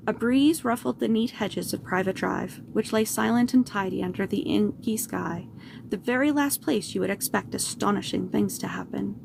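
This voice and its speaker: A woman reading a children's book chapter aloud, steady and unhurried. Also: medium pitch, gravelly, noisy background. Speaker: storyteller.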